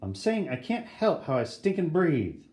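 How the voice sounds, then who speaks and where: A man voicing a brash, excitable schoolboy who talks in indignant, dramatic bursts. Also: a little high, a little slow. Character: brash, excitable eleven-year-old boy. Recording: roomy echo.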